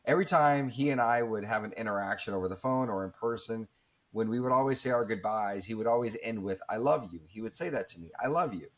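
A man in his thirties, appearing as a guest speaker in an interview, shares a personal story earnestly and reflectively. His voice is on the low side and fairly bright, and he talks fast, with many fillers and restarts.

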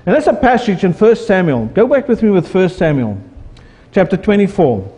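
A man's voice: high-pitched, big pitch swings, normal speed, warm tone, in a large hall. A man preaching a sermon as pastor, asking his congregation questions as he goes.

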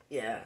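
A man casually telling a rambling, profane personal story, quoting friends with animated voices.

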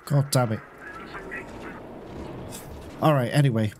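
A man's voice: medium pitch, slow pace, a little mellow, a little hiss or hum. A man giving casual let's-play commentary, chatting to his viewers, laughing and swearing often. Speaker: gaming streamer.

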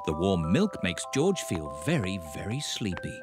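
Low-voiced woman narrating a cartoon. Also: big pitch swings, normal speed, loud music behind the voice. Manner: plain, gently matter-of-fact.

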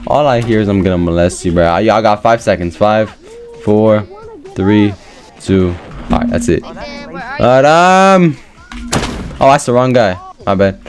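A young man doing casual gameplay commentary as a gaming YouTuber, joking to himself and then breaking into loud, excited yelling. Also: on the low side, unhurried, soft background music.

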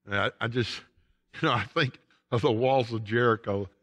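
Emphatic Southern pastor in a reverberant church. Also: male voice, medium pitch, moderate pace, fairly bright tone. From United States. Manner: emphatic preaching with rising and falling intensity. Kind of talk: sermon. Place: church sanctuary. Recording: long church hall reverb.

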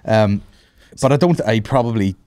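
A man chatting on a podcast in a rambling, halting way, as a fellow comedian. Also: fairly low pitch, dark tone, clear, resonant tone, no room sound. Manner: rambling, halting, full of restarts. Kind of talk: casual podcast chat.

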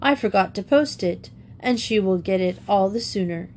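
Woman voicing a genial storybook gentleman, polite, easygoing. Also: mid-range voice, lively intonation, moderate pace, a little hiss or hum, natural voice. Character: genial middle-aged gentleman Captain Carrick.

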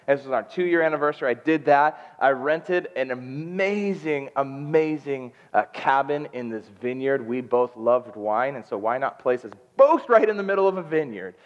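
Emotional young preacher in a reverberant hall. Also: male voice, medium pitch, moderate pace, few pauses. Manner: emotional, animated storytelling. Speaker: guest preacher. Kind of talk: storytelling sermon. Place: church sanctuary. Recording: dull lo-fi sound with long hall reverb.

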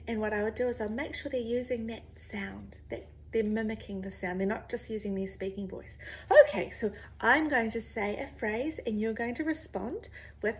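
Nz lady music teacher, high voice, friendly and playful, walking through a singing warm up. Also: moderate pace. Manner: friendly, explains then sings phrases in a high, playful call-and-response voice. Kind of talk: vocal warm-up demonstration.

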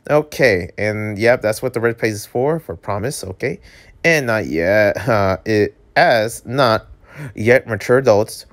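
A man hosting a channel, reading a webcomic aloud in a casual, animated way and joking about it. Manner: animated, jokey, yelps high on surprise. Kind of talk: casual read-aloud with reactions.

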